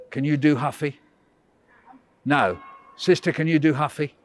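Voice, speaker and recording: A man's voice: a little high, a little slow, slight background noise. A man leading a school workshop for children over a video call, telling playful stories and teasing them in a theatrical, mock-huffy way. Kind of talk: playful storytelling talk to children.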